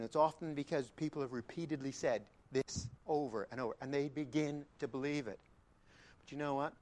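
A man preaching a sermon, emphatic, dropping to quiet repetitions and then rising loud, with chatty asides to the congregation. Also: mid-range voice. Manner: conversational asides.

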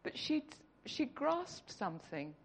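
A woman's voice: sits high, big pitch swings, takes it slowly, gravelly. A woman giving an earnest, conversational sermon in church. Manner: earnest, conversational, tearful at the close. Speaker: church speaker.

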